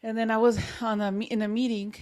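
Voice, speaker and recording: A young woman co-hosting a podcast, telling a personal story in a candid, animated way, with many restarts and the odd Spanish word. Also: on the high side, quick pace, clean tone. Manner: animated, restarts often, mixes in Spanish words. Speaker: podcast co-host.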